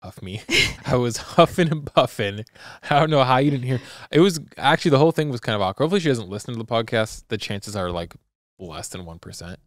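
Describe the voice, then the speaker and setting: A young man co-hosting a podcast, telling a story in a loose, rambling, animated way. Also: medium pitch, quick pace, dry recording, studio quality. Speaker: podcast co-host. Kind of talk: casual chat.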